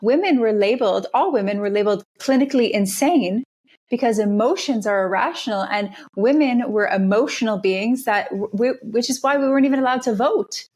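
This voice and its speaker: A woman's voice: fairly high pitch, a little fast, a little mellow. Woman guest on a podcast, talks emphatic, says stuff over and over to push the point. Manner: emphatic, repeats phrases for stress. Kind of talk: conversational interview.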